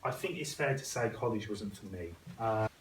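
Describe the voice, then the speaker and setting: A man's voice: on the low side, lively intonation, moderate pace, slight background noise. A young man gives a chatty, self-deprecating speech to an audience, acting out what other people said. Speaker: guest speaker. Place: school hall. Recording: echoey hall, picked up from a distance.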